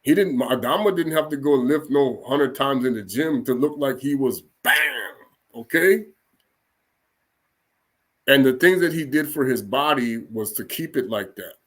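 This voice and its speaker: A man's voice: medium pitch, unhurried, a bit bright. A man giving an informal spoken sermon in a rambling, colloquial way, with frequent restarts and "okay?" checks. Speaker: religious teacher.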